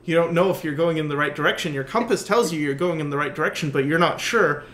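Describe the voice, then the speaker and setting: A slightly higher-voiced man hosts a relaxed podcast chat. He muses out loud, wanders off his point, and fills the gaps with ums and uhs. His voice rings with a noticeable roomy echo. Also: quick pace, slight background noise. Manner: rambling, musing with many fillers. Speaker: podcast host. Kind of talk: casual conversation.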